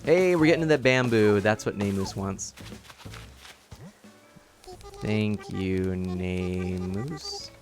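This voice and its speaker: Slow, laid-back male game streamer. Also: fairly low pitch, music in the background. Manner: relaxed, chatty, frequent laughs, reads chat aloud. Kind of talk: casual live-stream commentary.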